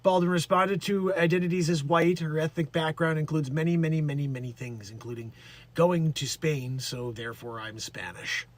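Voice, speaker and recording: Speaking at a normal speed in a voice on the high side, a man runs a daily livestream where he reads the news and riffs on it. He rambles, cracks jokes, swears and occasionally puts on silly voices.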